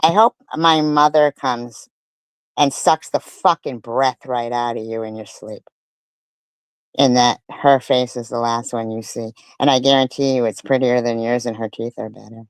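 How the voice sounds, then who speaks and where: A woman giving angry live-stream commentary, ranting furiously and profanely, swinging between loud outbursts and low mutters. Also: steady tone, normal speed, smooth, no room sound.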